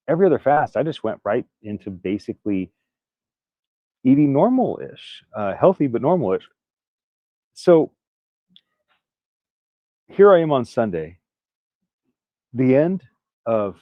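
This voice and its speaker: A low-voiced man speaks to his camera, sounding weak and still recovering, yet candid and earnest as he tells his story. The sound is a bit dull and dry, with no room behind him. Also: no room sound. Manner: candid, earnest, prone to restarts and little laughs. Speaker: vlogger.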